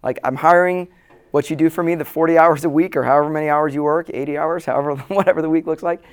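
A man's voice: a little high, fairly even intonation, fast talker, clean tone. A man speaking as a pastor to a room of church leaders, earnest and plain-spoken, repeating key lines for emphasis. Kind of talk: conference talk to church leaders. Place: room with a live audience.

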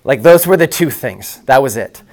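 A man's voice: mid-range voice, expressive, normal speed, a little mellow. Candid pastor telling his story. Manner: candid storytelling with many restarts. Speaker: lead pastor. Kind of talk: conference breakout talk. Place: conference breakout room.

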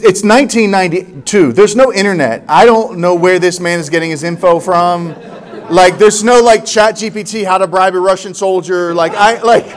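A man in his forties from the United States, a pastor telling a personal story in a sermon, animated and acting out the dialogue. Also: sits high.

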